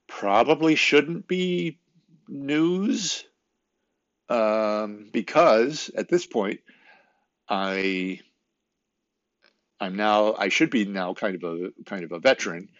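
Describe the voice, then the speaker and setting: A man's voice: on the low side, takes it slowly, long pauses, no echo. A man who works as an actor talks casually on his own, rambling and hesitant with many fillers and restarts, in a wry, self-deprecating way. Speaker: actor vlogging about auditions. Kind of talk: casual solo talk to camera. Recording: dull lo-fi sound.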